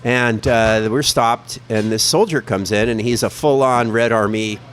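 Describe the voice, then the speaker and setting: A man telling a travel story in a casual podcast chat, animated and profane, with lots of "like" fillers. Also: mid-range voice, measured pace, a little hiss or hum.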